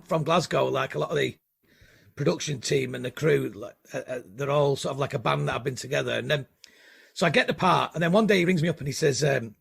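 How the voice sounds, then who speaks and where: Guy spinning a loose funny story, a bit higher voice and gravelly. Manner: rambling, self-deprecating, with lively voiced quotes. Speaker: comedian guest. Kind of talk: casual anecdote telling.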